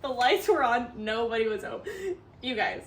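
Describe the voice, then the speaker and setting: A woman's voice: a little high, moderate pace, far from the mic, background noise. A young woman co-hosting a podcast in casual chat, chiming in with playful quips and lines acted out in other voices. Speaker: podcast co-host. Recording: echoey room.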